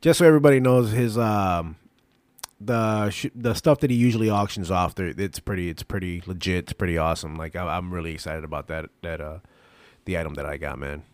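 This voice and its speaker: A man's voice: low voice, brisk, a little mellow, dry recording. A man hosting a casual podcast, enthusiastic and loose, with plenty of swearing. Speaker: podcast host.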